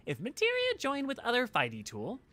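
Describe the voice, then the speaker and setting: A high, squeaky goblin scholar, as a man puts him on, chatters in clipped broken grammar. His voice is bright and pinched, and he sounds eager to show off his craft. Faint game music plays behind. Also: wildly swooping pitch, normal speed, full character voice. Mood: excited.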